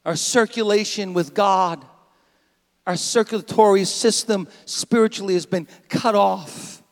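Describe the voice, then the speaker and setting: A man preaching a sermon as pastor, dramatic and animated, now and then acting out a bleating sheep. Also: high-pitched, measured pace, big-room sound. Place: church sanctuary.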